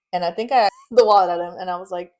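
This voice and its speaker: Young woman, lowish voice, blunt and profane, acts out every quote, laughs through it. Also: fairly quick. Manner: swears freely, acts out quotes, laughs often. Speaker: podcast guest. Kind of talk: casual storytelling.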